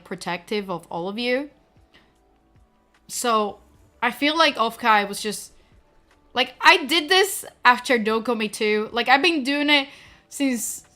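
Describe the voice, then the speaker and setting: A young adult woman streamer with a fairly high, sharp voice chats casually with her viewers. She gushes emotionally, sounding teary and close to crying, and fills her speech with lots of fillers.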